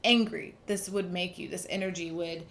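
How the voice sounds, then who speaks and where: Giving an earnest, casual tarot reading, this young adult reader talks with emphasis and frequently restarts. Her voice is lowish and fairly bright, moving at a moderate pace with fairly even intonation, over a faint hiss or hum.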